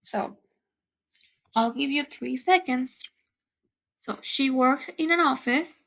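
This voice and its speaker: A high-voiced woman explains an English grammar lesson. She speaks slowly and patiently, repeating each key point so learners can follow. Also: vocal fry, a bit bright. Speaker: English teacher. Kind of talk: slow, careful lesson explanation.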